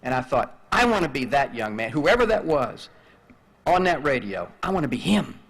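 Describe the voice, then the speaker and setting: An older man giving a graduation speech, telling a personal story in an animated way and acting out radio calls. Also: medium pitch, moderate pace, gravelly, breathy edge. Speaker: commencement speaker.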